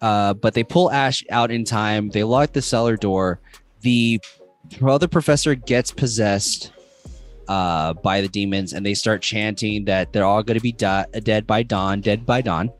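A man's voice: fairly low pitch, a little slow, faint music behind. A man casually recapping a horror movie plot, rambling and filled with ums and uhs. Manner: rambling, filler-heavy retelling. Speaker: podcast co-host.

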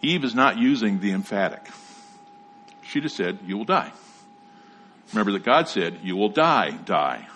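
A man preaching a sermon, explaining scripture in a measured teaching manner and reading passages aloud. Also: fairly low pitch, animated, fairly bright tone, slight background noise. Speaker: pastor.

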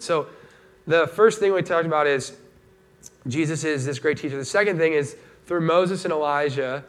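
A man giving a casual sermon as a pastor, talking in a conversational, animated way and acting out the voices of people he quotes. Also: a little high.

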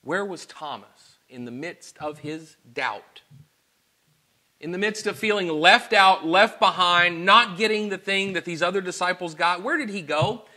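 A man preaching a sermon, earnest, moving between quiet personal confession and loud, emphatic rhetorical questions. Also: sits high, normal speed.

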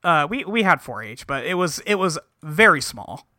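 Man from California, high voice, lively swings, very bright tone, dry close sound. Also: moderate pace, no echo. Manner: animated, acts out characters' lines mid-recap. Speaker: podcast co-host. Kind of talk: casual chat recapping an anime episode.

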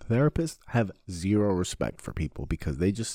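A man hosting a podcast, talking in a casual, crude, comedic monologue that rambles, swears a lot and breaks into sudden loud bursts. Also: low-pitched, sing-song, fairly quick, no room sound. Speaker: podcast host.

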